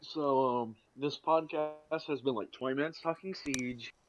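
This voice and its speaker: A man's voice: medium pitch, unhurried, slight background noise. Cursing man ranting, lo-fi sound. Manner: profane, ranting. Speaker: podcast co-host. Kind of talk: casual gaming chat. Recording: dull lo-fi sound.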